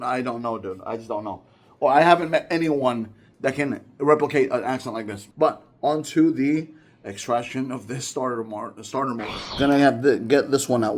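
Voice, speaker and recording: Chatty man rambling through a repair. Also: medium pitch. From United States. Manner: rambling, chatty, self-correcting. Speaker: DIY vlogger. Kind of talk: casual how-to vlog. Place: garage or yard, working on a scooter.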